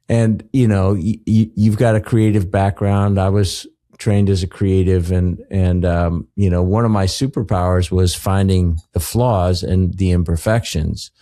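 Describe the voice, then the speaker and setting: Slow, warm-toned reflective man. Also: low voice. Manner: reflective and earnest, with drawn-out exclamations. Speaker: guest. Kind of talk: podcast conversation.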